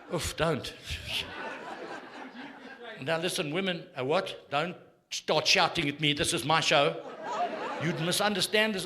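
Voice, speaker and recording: Brash older South African comedian, crowd laughing. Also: male voice, on the high side. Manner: brash, crude, needling the audience. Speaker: stand-up comedian. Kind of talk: live stand-up set. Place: theatre stage before a live audience. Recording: live show with crowd laughter.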